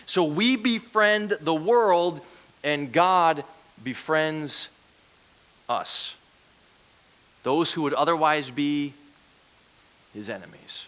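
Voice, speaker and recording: A man's voice: a little high, slow pace, long pauses, a bit bright. A man giving a conversational sermon as a guest preacher, asking the congregation questions. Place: church.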